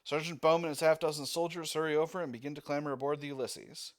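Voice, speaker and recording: A man playing a text-based war game, reading the narration aloud and thinking out loud as he picks options. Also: a little high, steady tone, quick pace. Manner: reads narration, thinking aloud with fillers and restarts. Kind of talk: let's-play narration.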